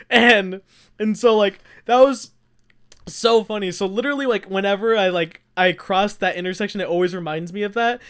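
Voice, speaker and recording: A young adult podcast co-host telling a rambling, animated story in casual chat, often laughing. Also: mid-range voice, moderate pace, clear, resonant tone.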